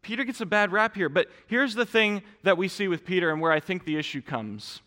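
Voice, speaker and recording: Brisk and expressive, this man's high voice sounds bright and forceful in a large hall. He is a pastor preaching a sermon in a church sanctuary, earnestly addressing the congregation and often restarting what he says.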